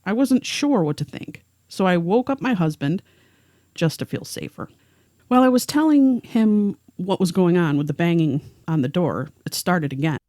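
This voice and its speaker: A woman's voice: on the low side, animated, moderate pace, a little mellow, no room sound. A woman co-hosting a podcast, narrating a first-hand story and reading the witness's words aloud. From rural area. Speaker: podcast co-host.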